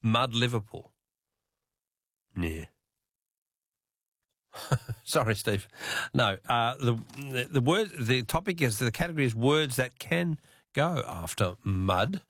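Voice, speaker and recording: A man's voice: mid-range voice, expressive, takes it slowly, long pauses, a bit bright, dry recording. Aussie radio quiz host guy, chatty, laughs a lot, dry close sound. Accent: Australian. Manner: chatty, laughs often with callers.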